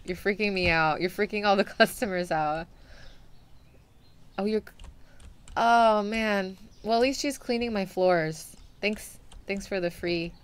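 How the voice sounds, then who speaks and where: Young adult woman, virtual streamer, live gameplay commentary, chatty and giggly, slow easy delivery. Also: mid-range voice, clean tone. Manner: chatty, talks to game characters, laughs often. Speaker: VTuber streamer.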